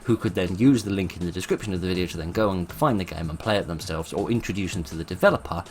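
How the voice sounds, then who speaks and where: A man with a very low voice talks through his channel's past and future in a loose, informal way. He weighs each point aloud, stopping and restarting often. A faint hiss sits under the recording. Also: fast talker. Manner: thoughtful, hesitant, many fillers and restarts. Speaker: channel host.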